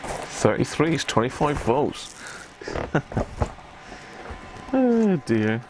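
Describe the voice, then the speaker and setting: Low-voiced British man chatting while tinkering. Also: normal speed, background noise. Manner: chatty, rambling, self-mocking. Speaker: radio repair livestream host. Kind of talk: casual livestream chat while working.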